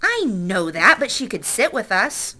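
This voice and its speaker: A woman's voice: mid-range voice, very animated, unhurried, pushed and bright, exaggerated voice. A woman reading aloud voices a bossy, cheeky young girl who gives orders.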